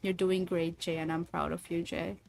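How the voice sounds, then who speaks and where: A woman's voice: lowish voice, flat delivery, normal speed, vocal fry, darkish tone, faint music behind. A woman chatting casually with her livestream viewers in a playful, teasing way. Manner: playful, teasing, lots of laughs.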